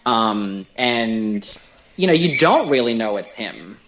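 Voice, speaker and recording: A man's voice: on the low side, sing-song, slow pace, crowd noise, low-quality recording. Enthusiastic rambling male podcast co-host. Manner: enthusiastic, rambling, with many fillers. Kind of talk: casual podcast discussion of film performances.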